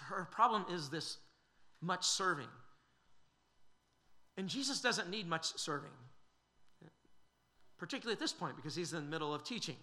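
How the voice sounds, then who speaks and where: Guy preaching a sermon, kinda high and really bright voice, earnest, lots of uhs. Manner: earnest, questioning, with frequent fillers and restarts.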